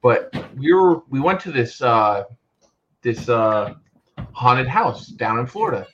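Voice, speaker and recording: A man co-hosting a casual podcast tells stories with lively animation, acting out the voices of people he quotes. His voice is bright and forceful. The recording sounds dull and lo-fi. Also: medium pitch, slow, a little hiss or hum. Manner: animated storyteller, acts out quotes loudly. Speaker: podcast co-host. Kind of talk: casual chat.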